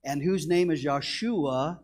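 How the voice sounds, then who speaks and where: A middle-aged man preaching a sermon as pastor, telling stories with bursts of shouted excitement. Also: on the high side, slow. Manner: animated storytelling, shouting when excited.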